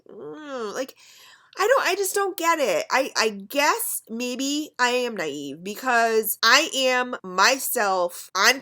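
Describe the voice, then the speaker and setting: A woman's voice: a little high, pushed and bright. A woman in her thirties ranting frankly to her webcam at home, blunt and swearing freely. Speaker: beauty and vape vlogger. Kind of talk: unscripted webcam rant.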